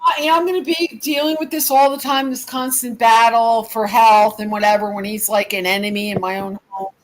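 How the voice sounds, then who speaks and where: A woman's voice: fairly high pitch, steady tone, moderate pace, rough recording. A woman angrily venting in a casual chat, exasperated and swearing often. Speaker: participant in a group chat.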